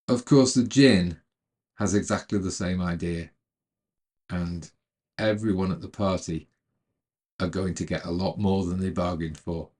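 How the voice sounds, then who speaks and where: A man narrating a retelling of a film's plot in a calm, measured way, then adding his own commentary. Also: sits low. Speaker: storyteller retelling a film.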